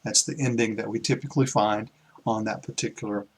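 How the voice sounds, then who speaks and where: A man teaching a recorded lecture, explaining patiently with pauses and small restarts as he writes. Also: on the low side, fairly even intonation, slightly rough.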